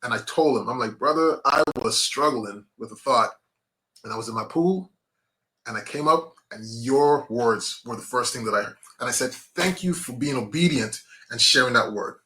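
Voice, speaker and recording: A man with a bright, forceful voice tells personal stories as a guest on a podcast. He talks casually and acts out the voices he quotes. He often calls people "man" and "bro". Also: medium pitch, moderate pace. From grew up on an island. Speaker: podcast guest, motivational speaker. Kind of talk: casual conversation, storytelling.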